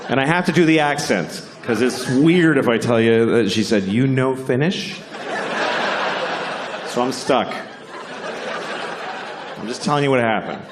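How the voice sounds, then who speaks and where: A man's voice: mid-range voice, reverberant, noisy background. A man performing a stand-up comedy set, ranting sarcastically with plenty of profanity and mock outrage.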